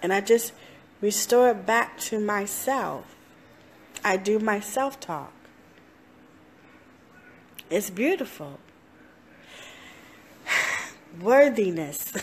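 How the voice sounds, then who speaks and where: Slow, earnest woman life coach. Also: medium pitch, slight background noise. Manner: slow, repetitive, earnest, with laughs and playful self-talk voices. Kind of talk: motivational talk to camera.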